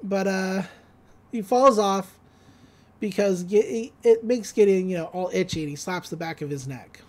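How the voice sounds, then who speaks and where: A woman with a mid-range voice hosts a podcast, recapping an episode casually and ramblingly, with lots of filler words and quick laughs.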